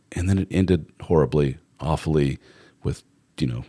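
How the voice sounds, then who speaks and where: A man's voice: very deep voice, normal speed, dark tone, slightly rough. A middle-aged man hosting a casual live chat, rambling conversationally and answering viewer comments as a relationship coach.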